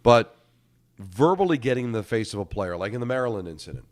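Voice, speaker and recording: A middle-aged man co-hosting a sports talk show, laying out a measured argument with rhetorical questions. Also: fairly low pitch, sing-song. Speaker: sports radio co-host. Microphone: studio microphone.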